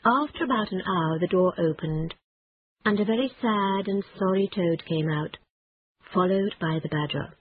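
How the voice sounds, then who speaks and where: A woman narrating a storybook in a steady read-aloud manner. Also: fairly low pitch, moderate pace, breathy edge, dry recording. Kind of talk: storybook reading. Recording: dry, tinny phone-like sound.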